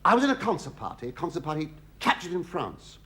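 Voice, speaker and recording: A man's voice: fairly high pitch, very animated, fast. A middle-aged English man doing a camp, gossipy comic monologue, full of stammering restarts and cries of "oh, yes". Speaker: comedian. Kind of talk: stand-up comic monologue to a studio audience. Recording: live studio audience laughter, loud noise.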